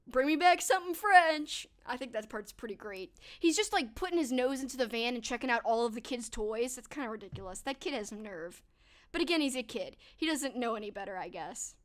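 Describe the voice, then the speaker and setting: A high-pitched young adult woman chats casually with her live stream viewers, animated and quick to laugh, now and then slipping into silly voices quoting movies.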